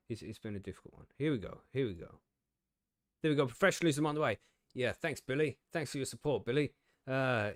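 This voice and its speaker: A man's voice: medium pitch, no room sound, clean studio sound. Chatty man hosting a stream. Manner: rambling and self-deprecating, swears often, laughs easily. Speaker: podcast host. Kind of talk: casual live-stream chat.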